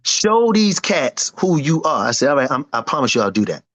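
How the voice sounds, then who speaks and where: Over a rough recording, a medium-pitched, fairly bright male voice swings widely in pitch at a fairly quick pace. He is a singer-producer in his fifties in an animated, casual interview, boasting emphatically and performing what friends told him.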